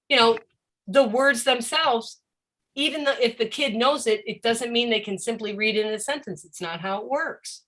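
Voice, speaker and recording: A woman teaching a live-streamed presentation on reading for deaf children, animated and often acting out a confused child's voice. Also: mid-range voice. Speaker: educator of deaf students.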